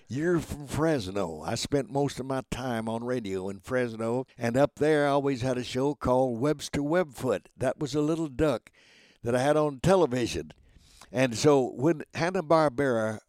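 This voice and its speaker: A man's voice: mid-range voice, expressive, moderate pace, darkish tone, no echo, studio quality. A man in his nineties from Oklahoma, a voice actor chatting as a guest in a cheerful, talkative way. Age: 90s. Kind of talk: casual interview chat.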